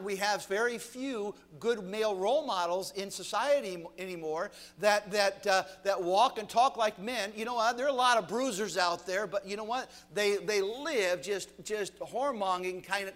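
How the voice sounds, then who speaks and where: A man's voice: high-pitched, fairly bright tone, slight background noise. A man preaching an emphatic sermon, exhorting his listeners and often repeating his phrases.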